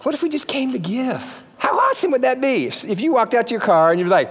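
A man's voice: sits high, big pitch swings, fast talker, long reverb tail. A man preaching a sermon in a church, playful and joking, often checking in with the crowd. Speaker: pastor. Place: church sanctuary.

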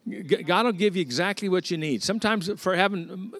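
A man preaching a sermon as a visiting pastor, telling stories in an animated, conversational way. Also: high voice, fairly quick, dry recording.

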